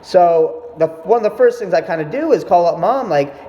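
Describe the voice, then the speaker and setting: Young dude ranting, swears a lot, kinda high voice, dull boomy room. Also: male voice, lively intonation, normal speed, hardly any pauses. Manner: rambling, profane, self-interrupting. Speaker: vlogger. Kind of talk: casual storytelling monologue. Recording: echoey, dull room sound with faint noise.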